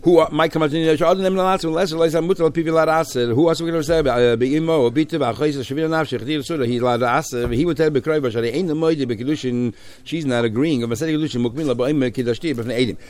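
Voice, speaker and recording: A man teaching a Talmud class, quickly quoting Aramaic and Hebrew phrases and glossing them in English. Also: on the high side, darkish tone.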